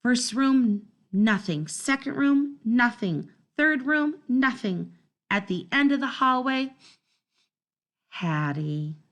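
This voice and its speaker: A woman reading a children's storybook aloud in the first person, telling it in an expressive, dramatic way. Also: a little high, takes it slowly. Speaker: storybook narrator.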